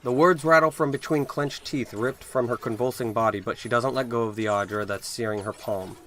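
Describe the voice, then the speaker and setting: A man's voice: mid-range voice, fairly even intonation, a little fast, a bit bright, slight background noise. A man hosting a let's play, reading game text aloud with casual, wry asides. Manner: casual, wry asides between read passages.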